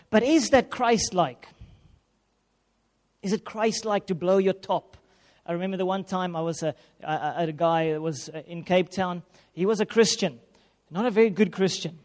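A man, a pastor, telling a lively, self-mocking personal story in a sermon. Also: high voice, moderate pace. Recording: long reverb of a hall.

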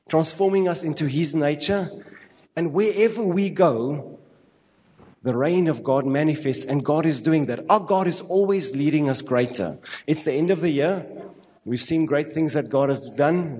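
Fervent South African preacher in reverberant hall. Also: male voice, a little high, a little mellow. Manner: fervent, repetitive preaching with quick asides. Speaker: pastor. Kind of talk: sermon. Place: church hall. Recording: long reverb of a church hall.

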